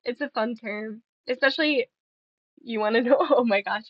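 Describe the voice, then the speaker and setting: A woman's voice: a little high, moderate pace, no room sound, dull audio. A young woman streaming and chatting casually with viewers, playful and giggly, rambling between stories.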